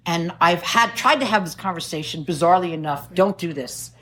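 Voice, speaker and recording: Low-voiced New woman sharing testimony. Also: lively intonation, a little fast, fairly bright tone. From New York. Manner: earnest, conversational, laughs at herself. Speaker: recovery meeting speaker. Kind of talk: personal testimony talk. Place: meeting room.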